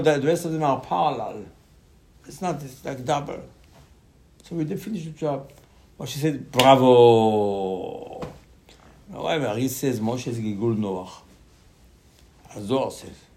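A man giving a Torah class in animated, non-native English, often repeating his words and jumping up in pitch. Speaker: Torah teacher.

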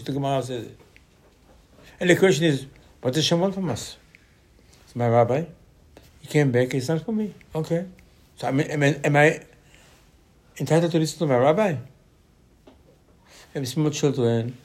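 A man's voice: fairly high pitch, moderate pace, long pauses, darkish tone. A man giving an informal Torah lecture, arguing through rhetorical questions with his voice rising sharply.

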